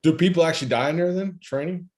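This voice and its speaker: A man hosting an interview, asking curious questions with halting restarts. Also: fairly high pitch, darkish tone. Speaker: interviewer host.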